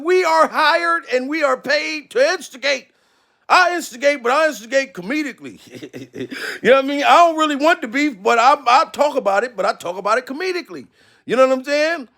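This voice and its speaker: Male comedic commentary host, high gravelly voice, loud exasperated profane rants. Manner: loud, profane, exasperated ranting, often shouting.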